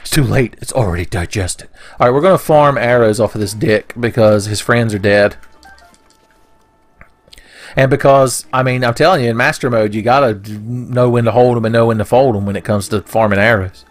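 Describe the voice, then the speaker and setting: A man's voice: medium pitch, moderate pace. A man giving crude, rambling commentary over his own gameplay. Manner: rambling, crude jokes, mock voices for enemies. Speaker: gaming video host.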